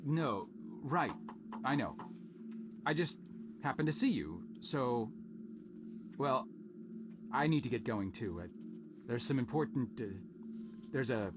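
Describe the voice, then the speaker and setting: A meek, fumbling janitor. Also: male voice, mid-range voice, lively intonation, background noise. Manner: fumbling, halting, apologetic. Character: meek male janitor, apologetic and eager to please. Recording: game audio with music behind.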